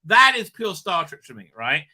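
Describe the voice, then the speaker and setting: Man, live-stream host, very bright tense voice, slightly high, rambling, full of fillers. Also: normal speed. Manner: rambling, excited, lots of fillers and "right?". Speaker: show host. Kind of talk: live-stream fan commentary.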